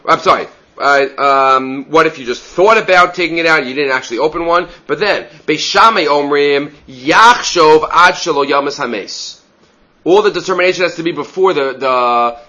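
A man's voice: mid-range voice, pushed and bright, rough recording. A man giving a casual Talmud study lecture, reading Aramaic phrases and explaining them in English, often asking "right?". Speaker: Talmud teacher.

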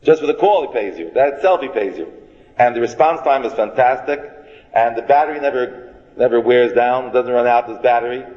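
A man's voice: medium pitch, brisk. A man giving a Torah lecture to a live audience in a folksy, joking way, restarting phrases and mixing in Hebrew and Yiddish words. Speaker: rabbi teaching a class. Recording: dull, reverberant hall recording.

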